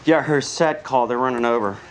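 An actor playing a brisk, pushy TV producer. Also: male voice, medium pitch, a little hiss or hum, lightly acted. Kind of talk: TV drama dialogue.

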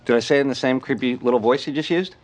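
An actor playing a wry, exasperated head writer of a sketch show. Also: male voice, medium pitch, very fast, lightly acted. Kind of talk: TV drama dialogue.

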